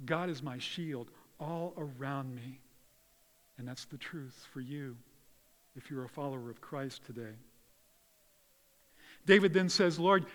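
A man preaching a sermon in an earnest way, swinging from hushed, tender lines to loud emphasis. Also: on the high side, in a large hall. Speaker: pastor.

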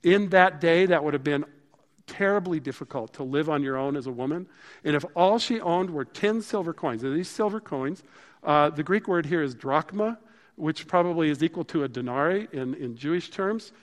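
A man preaching a sermon in a casual, conversational way, growing animated and then dropping to a hushed voice for emphasis. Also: on the high side, moderate pace, in a large hall. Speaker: pastor.

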